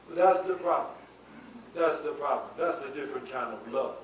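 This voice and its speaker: High-voiced preacher man shouting in an echoey hall. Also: moderate pace. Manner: swings from low asides to shouted, sing-song climaxes. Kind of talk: sermon. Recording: echoey hall from far off with faint noise.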